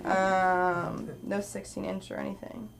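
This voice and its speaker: A woman's voice: medium pitch, level tone, a little slow, vocal fry. A woman hosting an open mic, upbeat and rallying the crowd between acts. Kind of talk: emcee patter. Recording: loud noisy club recording.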